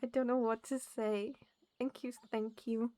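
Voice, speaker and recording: A woman streams a farming game, chatting casually and giggling often as she talks to both her viewers and the game. Her fairly high voice is mellow and level, a little slow, with no room sound.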